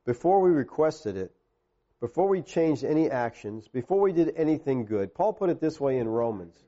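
A male pastor preaching a sermon, talking straight to the men in the room and swinging from quiet, low passages to emphatic, raised ones. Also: expressive, moderate pace, muffled recording. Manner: direct, addresses the men in the congregation.

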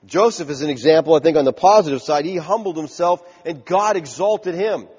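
A man's voice: a little high, brisk, a little mellow, husky. A man preaching a sermon in an emphatic, conversational way, heard on a dull recording in a large church hall with a long echo.

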